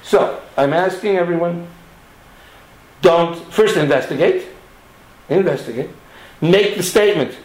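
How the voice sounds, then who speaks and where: A man's voice: a little high, expressive, normal speed, pauses often, darkish tone, reverberant, poor audio. A man who runs a diamond trading network, making an impassioned, emphatic appeal to its members to stay honest.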